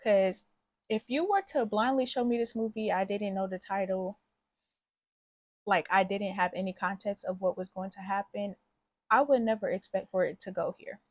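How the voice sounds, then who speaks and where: A woman's voice: medium pitch, moderate pace, darkish tone, dry recording. A woman recapping a film in a casual, slangy, chatty way, hosting her own channel. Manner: slangy, chatty, acts out characters' lines. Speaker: movie reviewer.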